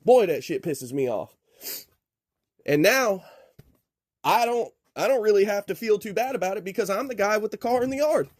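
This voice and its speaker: A man's voice: high voice, animated, moderate pace, pauses often, dry recording, clean studio sound. A man, swearing and threatening in a heated rant to his vlog audience, then talking casually about his truck project. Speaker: vlogger, truck project owner. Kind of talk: angry rant to camera.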